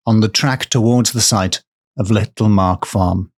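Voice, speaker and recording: A man hosting a podcast, telling a folk tale in casual chat, playful and quick to laugh. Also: fairly low pitch. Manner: playful, laughs often, tells folklore. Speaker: podcast storyteller host.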